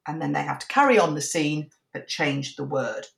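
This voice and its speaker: A woman's voice: sits low, animated, moderate pace, vocal fry, fairly bright tone, reverberant. A woman hosting an improv show, casually explaining a game to the players with fillers.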